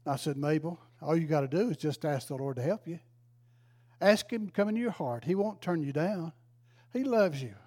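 A man's voice: fairly high pitch, animated, fairly quick, a little mellow. An older man, a retired pastor, telling a folksy, emotional story in a sermon. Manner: folksy, emotional, exclaims praise.

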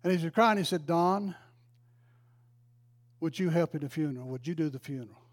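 A man's voice: fairly high pitch, fairly quick. An older man, a retired pastor, telling a folksy, emotional story in a sermon. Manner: folksy, emotional, exclaims praise.

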